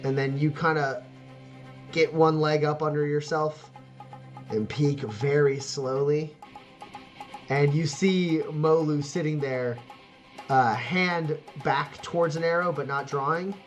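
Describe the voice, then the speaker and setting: Slow, rambling game master narrating. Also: mid-range voice, fairly even intonation, lo-fi sound, faint music behind. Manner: rambling narration full of fillers and laughs.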